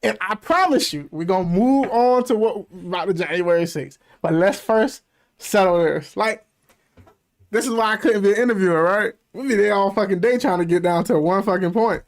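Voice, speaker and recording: A man's voice: high-pitched, moderate pace. A man hosting a reaction video, commenting casually and animatedly with frequent swearing. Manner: animated, profane, laughing asides.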